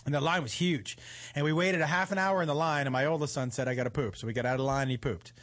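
Guy with a pretty high voice, swearing a lot, telling a story on a podcast, doing everyone's lines. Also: fast talker. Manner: animated, profane, acts out quotes. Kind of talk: casual storytelling chat.

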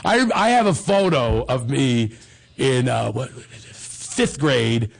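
A man's voice: mid-range voice, expressive, takes it slowly, creaky. Bombastic middle-aged male comedy host. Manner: bombastic, rambling, self-deprecating. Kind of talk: casual chat and personal storytelling.

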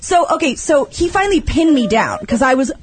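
A woman co-hosting a casual podcast chat, telling stories in an animated way and acting out the quotes with shouts. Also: sits high, brisk, a crowd in the background. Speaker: co-host.

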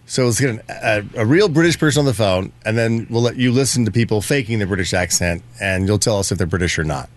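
A man's voice: fairly low pitch, quick pace, hardly any pauses. A man co-hosting a radio show, chatting loosely and joking, with lots of filler words. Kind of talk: casual radio banter.

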